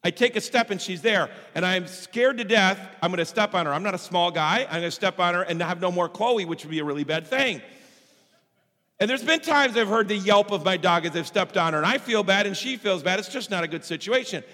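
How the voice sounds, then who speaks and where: A man pastor preaching a sermon with strong emphasis, swinging between loud and soft passages. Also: high voice, brisk. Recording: long hall reverb.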